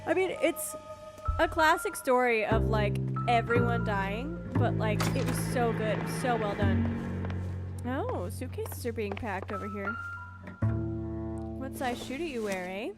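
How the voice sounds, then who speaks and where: A woman's voice: fairly high pitch, expressive, measured pace. A woman streamer playing a detective game live, chatting with her viewers. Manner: chatty, talking to chat. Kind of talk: live gameplay commentary. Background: game music.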